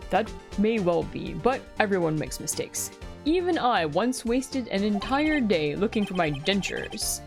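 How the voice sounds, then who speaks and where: A woman's voice: medium pitch, sing-song, a little slow, vocal fry. A woman voicing a fussy, easily flustered old male judge from a game. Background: game music.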